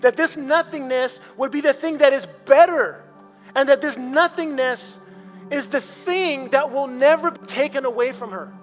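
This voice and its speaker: Preaching in a church sanctuary, a male pastor talks conversationally, repeats his words, and builds to emphatic peaks. His voice is very high and his speed normal. Faint music sits behind him, and the hall adds a long reverb.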